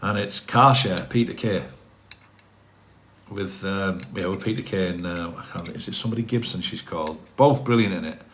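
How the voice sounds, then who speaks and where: A middle-aged man talks in a low voice. He rambles in a casual, chatty way on a live stream, reading out and answering viewers' comments. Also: moderate pace, a bit bright, a little hiss or hum. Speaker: livestream host reading chat.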